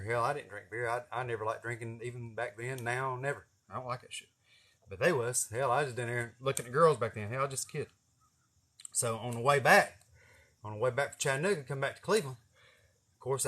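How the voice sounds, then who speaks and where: A man in his forties with an East Tennessee drawl tells a rambling, folksy story, cussing casually as he goes. His voice is bright and forward, at an ordinary pitch. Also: fairly quick. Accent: Southern US, East Tennessee. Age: 40s. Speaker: vlogger.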